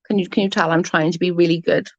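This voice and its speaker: Speaking quickly with fairly even intonation, a woman with a lowish voice is heard through a close computer mic, muffled and with no room sound. Congested from hay fever, she reads her livestream chat aloud, talks casually with viewers, swears freely and giggles.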